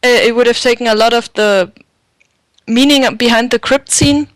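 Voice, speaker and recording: A woman from Bavaria with a German accent, a guest chatting casually on an online radio show, pausing often with "uh" fillers. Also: fairly high pitch, steady tone, no echo. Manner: hesitant, many "uh" fillers. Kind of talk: casual podcast chat.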